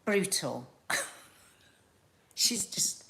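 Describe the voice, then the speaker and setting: Chatty South Londoner rambling on a live stream. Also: female voice, lowish voice, very slow, vocal fry. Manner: chatty, rambling, animated storytelling. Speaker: live show host. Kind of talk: casual live-stream chat.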